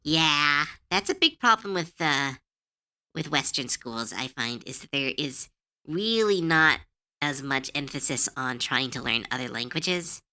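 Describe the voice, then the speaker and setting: A woman's voice: deep voice, animated, measured pace, pushed and bright. A woman streamer in casual livestream chat, giggly, chatty and self-deprecating.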